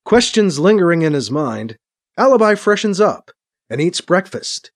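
Man narrating with lively pitch. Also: moderate pace. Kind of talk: scripted narration.

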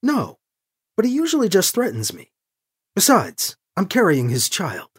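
A narrator voicing a calm, earnest young woman who speaks plainly. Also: mid-range voice, unhurried, husky, pitched above the performer's own voice, heavily acted. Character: calm young mother rescuing a prisoner.

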